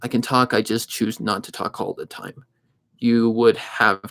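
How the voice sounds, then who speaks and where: A man in his twenties who narrates fanfic readings, chatting casually on a livestream in a steady, somewhat monotone way and thinking aloud as he goes. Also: medium pitch, a little slow. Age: 20s.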